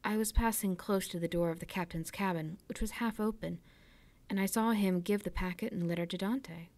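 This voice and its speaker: A woman's voice: mid-range voice, brisk, a little mellow, close to an everyday voice. A woman reading aloud, voicing a sly, jealous male ship's clerk with an insinuating manner.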